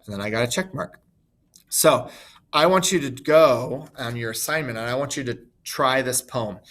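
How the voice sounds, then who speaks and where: A man teaching a recorded online lesson while demonstrating on screen, relaxed and informal with frequent ums. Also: mid-range voice, moderate pace.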